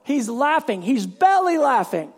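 A man pastor preaching a sermon in an animated storytelling way, bursting into shouts. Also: extremely high pitch, a little slow, slightly rough.

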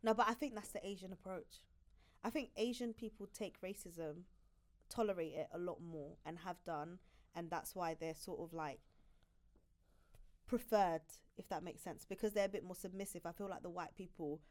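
A woman's voice: on the low side, fairly even intonation, moderate pace, a little mellow. A young woman in her twenties, a podcast guest chatting casually, telling stories with frequent laughs and acting out other people's lines. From United Kingdom.

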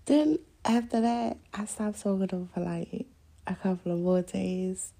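A woman talks on her podcast in a loose, rambling monologue, blunt and full of swearing, laughing as she goes. Her voice is gravelly and husky, with a rough edge to it. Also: medium pitch, a little slow, warm tone. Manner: candid, profane, laughs often; rambling storytelling. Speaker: podcast host. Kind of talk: casual monologue.

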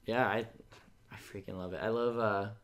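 A young man with a lowish voice talks about films on a casual podcast. He is eager and rambling, filling the gaps with lots of ums and likes. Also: steady tone, moderate pace. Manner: enthusiastic, many fillers, mumbles. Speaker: podcast co-host. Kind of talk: casual movie chat.

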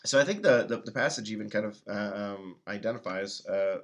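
A man co-hosting a casual Bible-study chat, asking questions in a halting way, searching for words. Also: on the low side. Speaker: podcast co-host asking about weekly readings.

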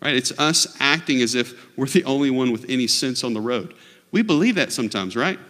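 A man preaching a sermon in a church, earnest, dropping low and quiet, then rising to loud mock shouts. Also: animated, fairly quick. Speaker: pastor. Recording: long reverb of a large hall.

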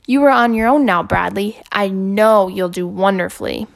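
A woman voicing a gentle, patient female school counselor who speaks softly and reassuringly. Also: mid-range voice, normal speed, creaky, natural voice. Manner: soft, reassuring.

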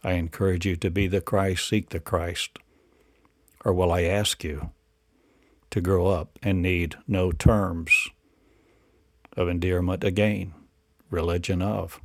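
Low-voiced guy chanting out spiritual declarations, slow and repetitive, dry close sound. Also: flat delivery, no echo. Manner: incantatory, repetitive declarations and rhetorical questions. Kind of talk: rambling spiritual monologue.

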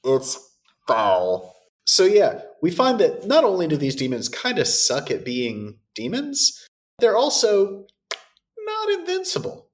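Lively sarcastic podcast co-host. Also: mid-range voice, slow. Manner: animated, sarcastic, swears freely. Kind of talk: casual movie recap chat.

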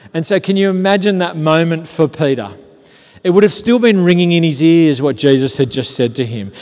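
A man preaching a sermon, telling the story conversationally with rhetorical questions, sometimes animated and sometimes hushed. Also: fairly high pitch. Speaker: pastor. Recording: long hall reverb.

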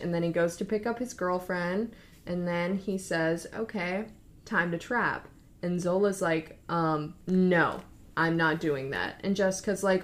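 A young woman with a slightly low voice tells a story in casual podcast chat. She slips in and out of quoted dialogue, pitching up for the characters. Her delivery is loose and conversational. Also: unhurried. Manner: lively, acts out quotes with shifting pitch. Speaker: podcast co-host.

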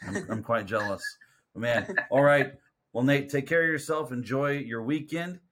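A man's voice: mid-range voice, normal speed, a bit bright. A man hosts a casual podcast chat. He sounds friendly and enthusiastic as he thanks his guest. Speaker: podcast host.

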